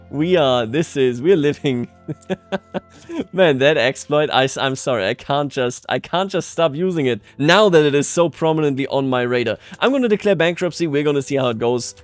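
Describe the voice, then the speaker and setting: A man's voice: a little high, a little fast, few pauses, no echo. Brief: man from Bavaria, slightly raised voice, wry strategy-game commentary, faint music underneath. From Bavaria, Germany. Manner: playful, sarcastic asides with frequent chuckles. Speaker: strategy game video creator. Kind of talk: gameplay commentary.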